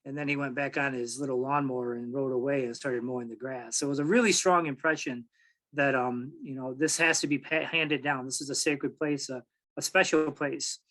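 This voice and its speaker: A man in his forties from Michigan, telling a personal story at a public talk in an easy, halting way with many pauses and restarts. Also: medium pitch, steady tone, fairly bright tone, poor audio. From Michigan, USA. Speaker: tribal archives director, speaker.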